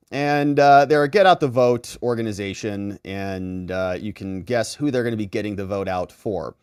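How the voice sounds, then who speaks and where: A man's voice: mid-range voice, moderate pace, darkish tone, smooth, no echo. Sarcastic male legal commentator, dry sound. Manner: sarcastic, conversational, with mocking asides. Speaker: lawyer commentator. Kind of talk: casual commentary reading documents.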